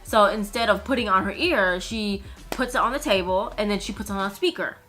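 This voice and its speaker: A woman's voice: mid-range voice, fairly quick, a bit bright. Blunt young woman telling frank stories. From United States (Minnesota). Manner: blunt, frank storytelling with frequent swearing. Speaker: nail technician and vlogger. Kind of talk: casual story time.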